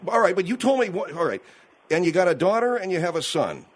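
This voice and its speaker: A man's voice: high-pitched, sing-song, quick pace. A male radio host questioning a caller in a probing, skeptical way. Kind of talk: call-in radio conversation.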